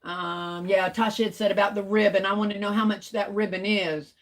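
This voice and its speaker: Speaking steadily at a medium pitch, a woman hosts a craft livestream, chatting with viewers and drawing out her words in a casual manner.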